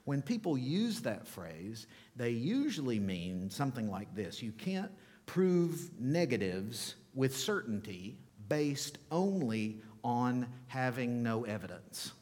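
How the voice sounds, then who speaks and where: Pastor preaching in a reverberant hall. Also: male voice, medium pitch. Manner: conversational preaching with soft chuckles. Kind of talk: sermon.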